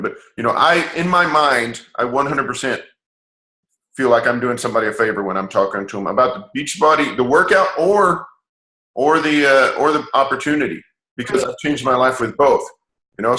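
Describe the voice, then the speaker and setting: Rambling bright-voiced man on a call. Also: mid-range voice, brisk, echoey room, poor audio. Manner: rambling, many fillers and restarts. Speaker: team leader hosting a coaching call. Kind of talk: motivational conference call talk.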